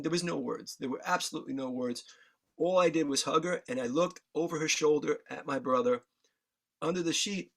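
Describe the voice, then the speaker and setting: A guest musician from New York, his voice a little high and a bit bright, shares his story while choked up. He's candid and earnest, curses freely, and his emotion comes through audibly.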